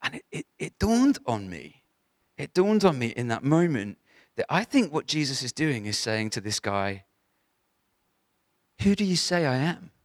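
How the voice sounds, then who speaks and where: A man's voice: mid-range voice, very animated, normal speed, no echo, clean studio sound. A man preaching a sermon to a church gathering, in a conversational, emphatic way with frequent restarts.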